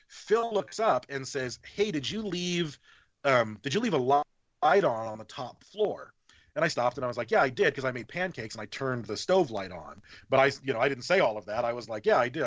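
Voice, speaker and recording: A man's voice: medium pitch, dry recording. A man, a podcast guest, telling a story in casual chat, swearing freely and acting out what other people said. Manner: animated, profane, acts out other people's lines. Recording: slightly muffled podcast audio.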